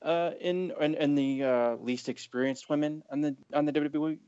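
A man co-hosting a wrestling podcast, reviewing a match in a halting, easygoing way with many fillers. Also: fairly high pitch, fairly even intonation, a little mellow, clean tone. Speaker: podcast co-host. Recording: dull, lo-fi audio.

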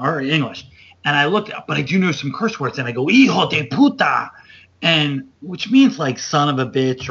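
Animated storytelling man, lo-fi podcast sound. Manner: animated, loose storyteller, acts out quotes with big jumps up in pitch. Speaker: podcast host. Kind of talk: casual storytelling chat. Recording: dull lo-fi podcast audio.

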